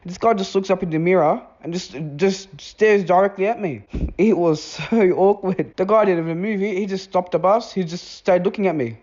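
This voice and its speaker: A man's voice: high voice, normal speed, darkish tone. A man telling a rambling comic story about himself, swearing casually and repeating words as he goes. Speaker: animated storytime narrator. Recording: dull lo-fi recording.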